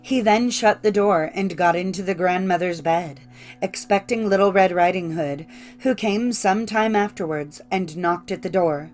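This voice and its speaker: Fairy tale reader, calm and measured, soft music under her. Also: on the low side. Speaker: audiobook narrator. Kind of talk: scripted storybook narration.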